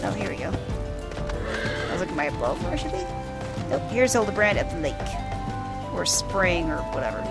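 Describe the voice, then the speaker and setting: A woman's voice: lowish voice, big pitch swings, normal speed, long pauses, over loud music. A woman giving casual, wry commentary while playing a video game, amused by what happens. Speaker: gamer. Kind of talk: casual let's-play commentary.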